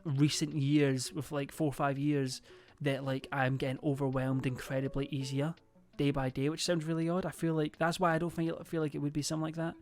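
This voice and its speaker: A man's voice: fairly high pitch, little pitch movement, fairly quick, hardly any pauses, a little mellow, soft background music. A young man, chatting casually to his stream in a rambling, hesitant way full of fillers and swearing.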